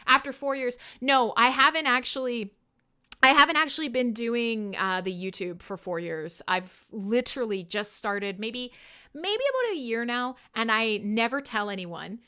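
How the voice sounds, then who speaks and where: This is a woman hosting her own music livestream from a home setup. Her voice is bright, sitting a little high, and she chats loosely with viewers in a rambling, self-deprecating way. She swears casually and laughs often. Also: animated, normal speed, clean tone. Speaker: livestream radio host.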